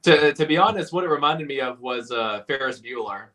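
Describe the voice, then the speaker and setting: A man's voice: medium pitch, lively intonation, brisk, fairly bright tone. A man co-hosting a casual fan review chat, jokey and stammering. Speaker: podcast co-host.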